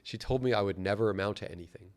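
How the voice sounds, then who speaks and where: A man's voice: lowish voice, rapid-fire. A man from New York City, a company founder, telling stories as a guest in a casual interview, laid-back and profane, laughing often.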